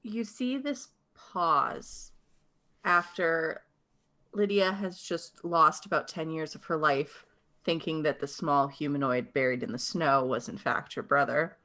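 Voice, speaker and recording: A woman's voice: low voice, unhurried, bright, forceful tone. A woman playing a tabletop game, telling her character's actions in a dramatic storytelling way. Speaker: player.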